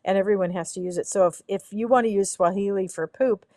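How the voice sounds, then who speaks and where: A woman co-host explaining dog training in a practical, matter-of-fact way. Her voice sits at an ordinary middle pitch and sounds close and dry. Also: dark tone, dry recording. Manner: practical, explanatory, quick to laugh. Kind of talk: casual podcast chat.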